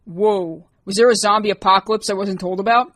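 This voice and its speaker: A woman voicing Sam, a nosy teenage boy who mocks and gets excited, louder than her narration. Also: high-pitched, a little fast, dry recording, studio quality. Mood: taunting. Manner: taunting, excitable.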